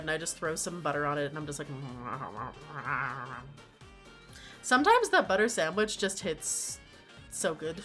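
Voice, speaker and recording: Young woman streamer, bright voice, chatty, says like a lot, home mic. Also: sits low, big pitch swings, normal speed, soft background music. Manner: chatty storyteller, laughs a lot, fills with "like". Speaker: streamer host. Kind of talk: casual chat.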